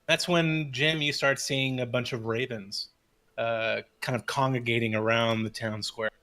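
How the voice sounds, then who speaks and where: A man's voice: medium pitch, steady tone, a little slow, bright, forceful tone. A man narrating casually as game master of a tabletop game. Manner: casual, many fillers and restarts.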